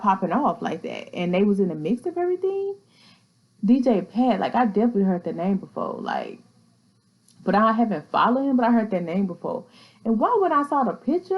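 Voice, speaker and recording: A woman's voice: medium pitch, lively intonation, a little fast, muffled recording. A woman hosting a casual commentary vlog, talking in a chatty, slangy way and laughing easily. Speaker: vlogger host.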